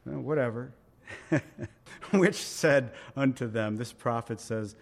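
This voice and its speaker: A man's voice: medium pitch, takes it slowly, creaky, pauses often. A middle-aged man preaching a sermon as pastor, earnest and conversational, asking rhetorical questions and pleading with light humor.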